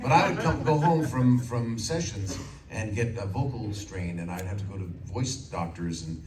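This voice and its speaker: A man in his sixties, a voice actor telling animated stories on a convention panel and slipping into character voices. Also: lowish voice, normal speed. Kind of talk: anecdotal panel storytelling. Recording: echoey hall from far off, loud crowd.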